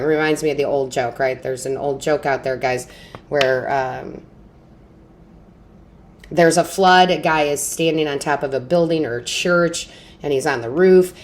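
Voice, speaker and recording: A woman giving a tarot reading to her viewers in a chatty, reassuring way, often checking in with "okay?" and "right?". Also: sits low. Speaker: tarot reader. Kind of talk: casual tarot reading to camera.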